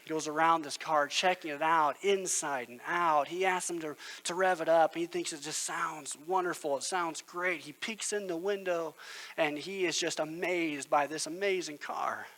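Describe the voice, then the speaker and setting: A man's voice: on the high side, fairly even intonation, moderate pace, fairly bright tone, rough recording. A male pastor, preaching a sermon in an earnest, conversational storytelling manner.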